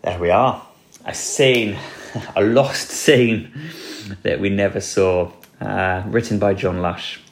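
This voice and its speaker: Brit guy doing a solo podcast recap, lowish voice, chatty and rambly, lots of ums. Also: steady tone, slow, vocal fry. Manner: rambling and chatty, with dry jokes and many ums. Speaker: podcast host.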